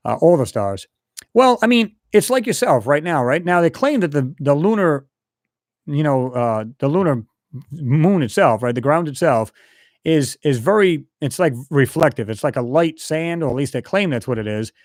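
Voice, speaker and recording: A man's voice: a little high, lively intonation, moderate pace, darkish tone, dry recording. Man, live-stream host, rambling casual chat, dry close sound. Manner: rambling, chatty, reads viewer comments aloud.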